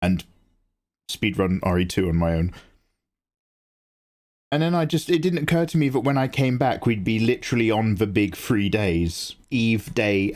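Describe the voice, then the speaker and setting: A man who streams his drawing and chats excitedly, swearing freely and reading out viewer messages. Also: on the low side. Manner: excitable, swears freely, reads chat aloud. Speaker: live-streaming artist. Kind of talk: casual livestream chat.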